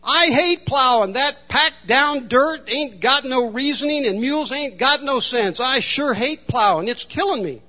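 A man preacher voices a farmer who grumbles in a slow, whining, folksy drawl. His voice rides high and complaining. The recording sounds muffled. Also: animated, bright, forceful tone, exaggerated voice. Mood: grumbling.

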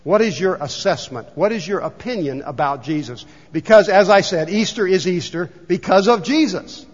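A man, a pastor, delivering a sermon and telling a story, slowing down when he reads passages aloud. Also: high-pitched, expressive. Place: church sanctuary. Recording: long hall reverb, dull lo-fi sound.

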